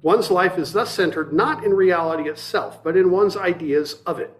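A middle-aged meditation teacher's dharma talk comes across as contemplative and steady, with many restarts and portions read from a book. His voice is high-pitched, and there's a little hiss or hum.

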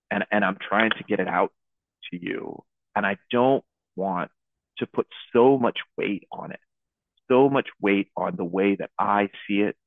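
A young man leading a Buddhist dharma talk, speaking in a halting, searching way with many restarts. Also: lowish voice, no echo. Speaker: teacher leading a Zen talk. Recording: tinny phone-like audio.

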